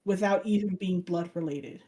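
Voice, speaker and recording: A woman's voice: lowish voice, moderate pace. A woman co-hosting a casual podcast, retelling an anime plot with energy and acting out the characters' lines. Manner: animated storyteller who acts out characters' lines. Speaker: podcast co-host.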